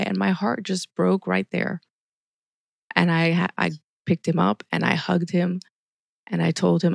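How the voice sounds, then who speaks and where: A woman's voice: mid-range voice, a little slow, creaky, no room sound, studio quality. A middle-aged woman, a ministry volunteer, telling stories earnestly in a casual podcast interview. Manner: earnest storytelling with quoted dialogue.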